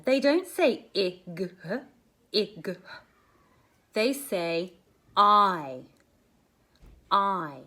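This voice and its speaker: A woman teaching a phonics lesson to young children, sounding out letters slowly in a sing-song, exaggerated way. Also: high-pitched, a bit bright.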